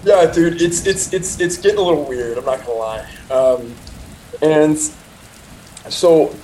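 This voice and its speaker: A man's voice: a little high, mellow, slight background noise, poor audio. A young man casually telling a personal anecdote, rambling with restarts and asides and quoting himself and others. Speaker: storyteller.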